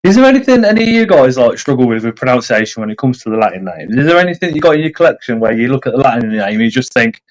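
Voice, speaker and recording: A man's voice: mid-range voice, sing-song. A man chats casually on a livestream from his mobile phone. He stumbles, repeats himself and drags out difficult names syllable by syllable. The sound is a plain phone call. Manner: stumbling, repeats words, slows over hard names. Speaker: livestream host. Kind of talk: casual chat. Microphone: phone on a video call.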